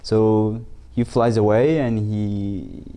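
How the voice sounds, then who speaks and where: A man whose first language is Turkish, telling a fable as an instructor in a lesson, halting and restarting his phrases often. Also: on the low side, steady tone, warm tone. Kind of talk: storytelling lesson.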